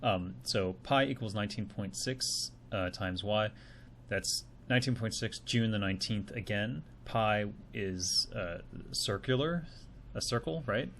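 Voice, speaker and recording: A man's voice: lowish voice, expressive, unhurried, a bit bright, slight background noise. A man giving casual, tentative commentary while analysing a video. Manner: musing, tentative.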